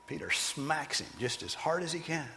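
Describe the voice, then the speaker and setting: A man preaching a sermon as pastor, animated and emphatic, sometimes putting on loud voices for the people he quotes. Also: a little high, normal speed, creaky, big-room sound, slight background noise.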